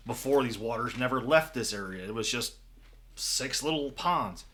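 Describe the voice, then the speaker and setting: A man's voice: medium pitch, lively intonation, moderate pace, a bit bright, lightly acted. A man voicing a massive, fiery, evil-looking male knight who grumbles and resents intruders in a tabletop game. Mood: bitter.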